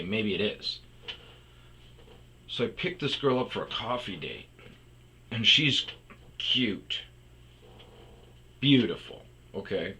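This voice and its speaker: A man's voice: deep voice, sharp tone, a little hiss or hum. A young man telling a rambling personal story as the host of a storytime show, blunt and profane, with frequent restarts. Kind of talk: casual comedic storytelling monologue.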